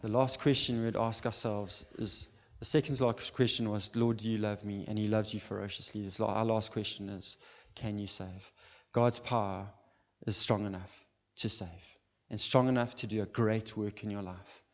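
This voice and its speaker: A man's voice: lowish voice, steady tone, normal speed. Man preaching in a reverberant hall. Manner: impassioned, rising to calls. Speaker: pastor. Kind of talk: sermon. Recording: dull sound with long hall reverb.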